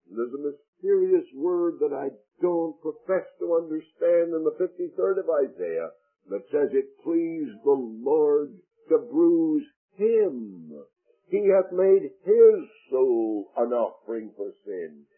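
Male radio preacher, slightly raised pitch, deliberate drawn-out delivery, lo-fi phone-band broadcast sound. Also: husky. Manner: deliberate, emphatic, drawn-out phrasing. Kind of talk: radio sermon.

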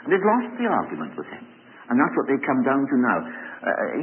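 A man preaching an expository sermon, emphatic and animated, often stumbling over repeated words. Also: medium pitch, moderate pace. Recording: tinny phone-like sound in a reverberant hall.

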